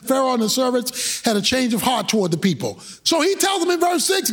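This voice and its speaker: A male preacher delivering a sermon in an animated, colloquial style, breaking into shouted bursts. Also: very high-pitched, moderate pace, hardly any pauses.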